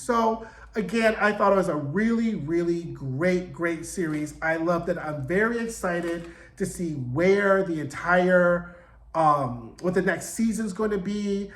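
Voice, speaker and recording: A man giving a casual, animated recap of a show, jumping into quick voices for the characters and swearing freely. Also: sits high, reverberant, low-quality recording. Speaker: show reviewer.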